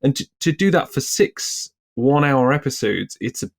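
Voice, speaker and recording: A man's voice: mid-range voice, expressive, normal speed, creaky. A British man co-hosting a casual podcast discussion, chatty and loose, with lots of "like" in his talk. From Britain. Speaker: podcast co-host, screenwriter.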